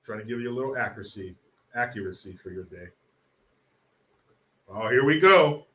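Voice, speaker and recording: A man's voice: mid-range voice, lively intonation, normal speed, bright, forceful tone, slight background noise. A man from California hosting a live-stream commentary show, brash, profane and sarcastic. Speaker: political commentary host.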